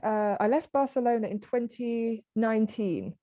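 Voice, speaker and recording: British woman, 30s, animated storyteller guest, dry lo-fi recording. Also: on the high side, normal speed, no echo. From Britain. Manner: animated storytelling, acting out quoted exchanges. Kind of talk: conversational interview.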